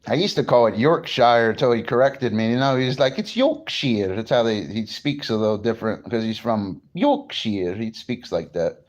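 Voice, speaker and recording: A man's voice: fairly low pitch, moderate pace, hardly any pauses, darkish tone, dull audio. A man from New Jersey chatting casually on a morning livestream, greeting viewers and swearing freely. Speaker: livestream host.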